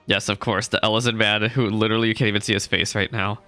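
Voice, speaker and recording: A man's voice: lowish voice, level tone, fast, bright, forceful tone, faint music behind. A man chatting casually while playing through a game, reading quest lines aloud, laughing and joking as he goes. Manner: chatty, laughs often, swears mildly. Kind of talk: casual let's-play commentary.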